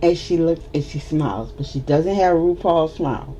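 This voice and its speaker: A woman's voice: low-pitched, normal speed, slight background noise. A woman telling a story to the camera in a casual storytime vlog, acting out the people involved. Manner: animated storyteller, acts out the other people. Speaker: vlogger.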